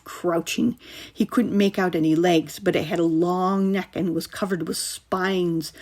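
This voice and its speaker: Woman author narrating her horror short story; lowish, suspenseful, measured. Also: a little mellow.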